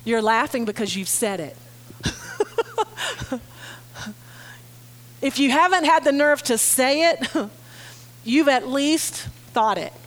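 A woman pastor giving a conversational, animated sermon, acting out the voices she quotes. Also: high-pitched, takes it slowly, long pauses.

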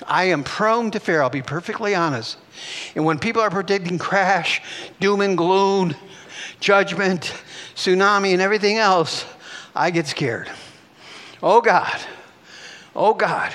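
A man's voice: high-pitched, a bit bright, in a large hall. An older man preaching a sermon, exclaiming and puffing out whews and chuckles between phrases.

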